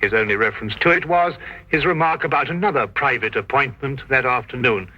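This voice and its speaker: An actor narrating as Dr. Watson, a reflective Victorian doctor, in measured scripted narration. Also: male voice, mid-range voice, close to an everyday voice. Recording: dull lo-fi 1950s TV soundtrack.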